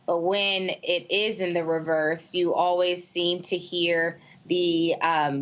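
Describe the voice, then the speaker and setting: An American woman panelist on a political talk show, speaking in a measured way with fillers and restarts. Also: on the low side, level tone, dull audio. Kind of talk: political discussion.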